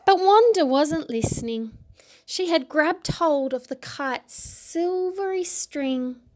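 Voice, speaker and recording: A woman narrating a children's storybook, taking her time and leaning into dramatic words. Her voice sits a touch high and moves with expressive emphasis. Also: slow pace. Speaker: audiobook narrator.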